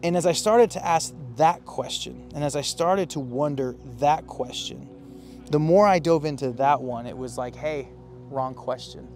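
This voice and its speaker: A man delivers an emphatic, animated sermon as pastor. His voice sits a little high for a man. Music plays clearly underneath his preaching. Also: moderate pace.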